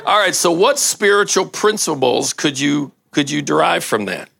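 A man's voice: fairly high pitch, lively intonation, normal speed, creaky, bright, forceful tone. An older man, a pastor, giving a casual sermon, reading a story aloud and bantering with his audience.

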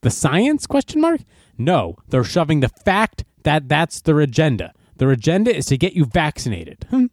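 Male host for casual news commentary, sarcastic and mocking, animated delivery, dry recording. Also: a little high, normal speed, no room sound.

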